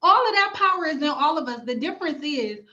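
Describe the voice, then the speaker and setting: Brief: high-pitched woman, blunt profane livestream rant, slightly dull lo-fi audio. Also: expressive, fast, sharp tone. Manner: blunt, emphatic, profane, repeats phrases for emphasis. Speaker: hair care YouTuber and cosmetologist.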